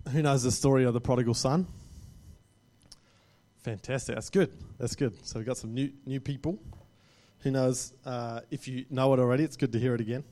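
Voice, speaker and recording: A man's voice: medium pitch, steady tone, a little fast, pauses often, warm tone. A man preaching a sermon to a congregation, speaking conversationally and often checking in with "right?".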